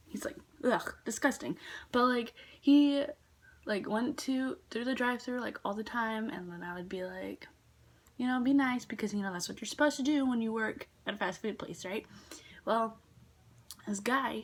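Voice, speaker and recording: A woman's voice: fairly high pitch, normal speed. A teenage girl casually telling work stories in a vlog, chatty with lots of fillers, sometimes dropping to a whisper. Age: teens. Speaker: vlogger.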